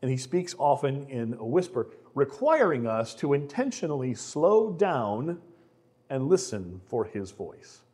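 A man's voice: medium pitch, very animated, a little slow, darkish tone, slightly rough. A middle-aged man preaching a conversational sermon, often repeating words as he starts a sentence. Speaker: pastor.

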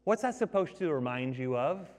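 A male pastor preaches with emphasis and keeps throwing rhetorical questions to his listeners. His fairly high voice rings out with a long reverb tail in a large hall. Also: animated, normal speed, darkish tone. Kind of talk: sermon.

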